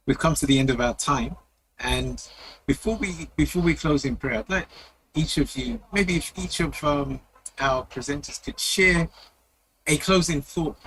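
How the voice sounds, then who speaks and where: A man moderating a church panel discussion, summarizing answers and inviting closing thoughts in slow, searching phrases. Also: on the high side, fairly bright tone, a little hiss or hum, poor audio.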